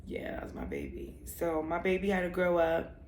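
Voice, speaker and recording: A woman's voice: on the low side, huge pitch swings, normal speed, darkish tone, roomy sound, a little hiss or hum. A young woman telling a personal story in a vlog, candid and emotional, rambling with many fillers. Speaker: vlogger.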